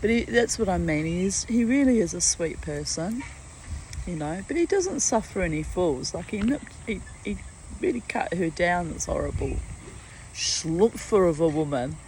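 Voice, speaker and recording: A woman's voice: lowish voice, expressive, normal speed, a little mellow, a little hiss or hum, low-quality recording. Chatty New Zealand woman outdoors. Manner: chatty storyteller, acts out dialogue, laughs often. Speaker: vlogger. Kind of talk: casual spoken diary. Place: outdoors among trees.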